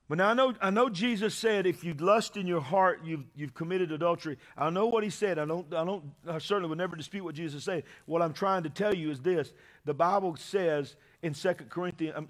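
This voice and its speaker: A man preaching a sermon to his congregation, calling for amens and building to shouted peaks. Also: fairly high pitch. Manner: call-and-response preaching, rising to shouts at climaxes. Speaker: pastor. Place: church sanctuary with congregation.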